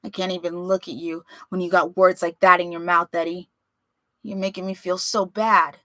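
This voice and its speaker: A woman's voice: lowish voice, level tone, moderate pace, fairly bright tone, dry recording, clean studio sound, natural voice. A woman playing a blustering middle-aged father. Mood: hurt.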